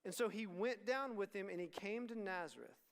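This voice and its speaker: A man's voice: high voice, fairly quick. A man preaching to a student ministry in a conversational sermon, often acting out the lines of the people in the story. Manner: conversational, acts out dialogue. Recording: long hall reverb.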